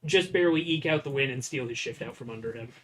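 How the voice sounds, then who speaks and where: A man co-hosting a board game stream in relaxed casual chat, making dry joking asides. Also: medium pitch, fast, slight background noise.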